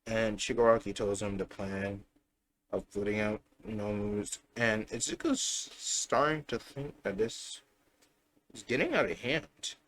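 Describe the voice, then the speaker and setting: A man's voice: lowish voice, lively intonation, measured pace, fairly bright tone. A young man casually improvising a fan story aloud, rambling and correcting himself as he goes. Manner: rambling, self-correcting, chatty.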